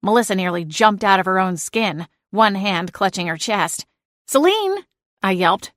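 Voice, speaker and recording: A woman narrating a cozy audiobook in the first person, lively and expressive. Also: medium pitch, normal speed, no echo, studio quality.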